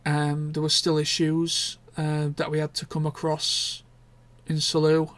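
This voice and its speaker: A man's voice: fairly high pitch, completely flat delivery, a little slow, a bit bright, dry recording. Rambling young Englishman, dry close sound. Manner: rambling, candid, with the odd swear word. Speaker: vlogger. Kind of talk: casual chat.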